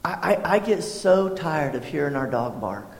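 Male pastor, high voice, chatty sermon delivery with restarts and throat-clearing, roomy hall reverb. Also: animated, normal speed, a little mellow. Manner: conversational, repeats words, clears throat often.

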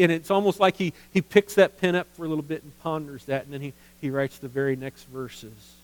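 A man preaching a sermon in an earnest, halting way, often repeating words as he goes. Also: fairly high pitch, low-quality recording. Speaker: pastor of a ministry.

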